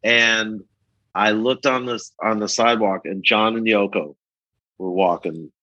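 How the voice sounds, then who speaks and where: A man's voice: lowish voice, unhurried, no echo, highs cut off. An older man, a rock photographer, telling stories in a casual interview and acting out the people in them. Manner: animated, acts out the people in his stories.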